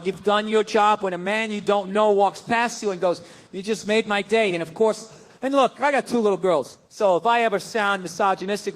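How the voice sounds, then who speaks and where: A man with a high-pitched voice performs a stand-up routine on stage. He tells an animated story and slips into the voices of the people in it. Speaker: stand-up comedian.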